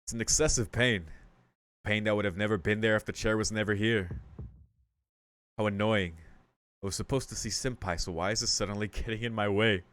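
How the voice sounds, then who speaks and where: A man's voice: lowish voice, steady tone, a little fast, pauses often, a bit bright, dry recording, studio quality. A young man hosting a let's play, reading a visual novel aloud and rambling through casual, profane commentary. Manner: rambling and profane, full of "like" and "dude".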